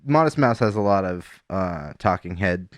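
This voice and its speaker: A man co-hosting a casual music podcast, talking in a rambling, halting way with many restarts and fillers. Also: low voice, animated, dry recording. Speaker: podcast co-host. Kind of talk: casual chat about music.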